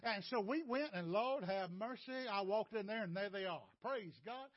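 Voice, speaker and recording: Older male preacher, high voice, emotional testimony with cries and hush, dry muffled feed. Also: animated, moderate pace, no echo. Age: 60s. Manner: impassioned, rising to near-shouts and breaking toward tears. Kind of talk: testimony sermon.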